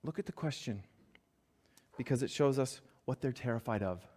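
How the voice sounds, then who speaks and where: A man preaching a sermon, earnest and emphatic, dropping soft and low when reading scripture and rising to stress his points. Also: moderate pace, long pauses, husky. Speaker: pastor.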